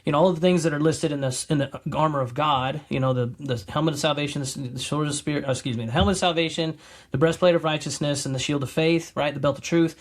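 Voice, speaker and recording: A man's voice: on the high side, fast talker. A middle-aged man on a podcast telling his testimony in a casual, rambling way, acting out his own quotes. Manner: animated storyteller, acts out quotes; rambling with many restarts. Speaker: podcast guest.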